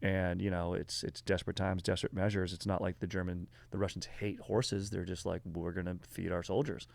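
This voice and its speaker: Deep gravelly man, rambling casual host. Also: level tone, fairly quick, no room sound. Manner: rambling, filler-heavy, slangy, says dude and bro. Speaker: podcast host telling a history story. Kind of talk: casual conversational storytelling.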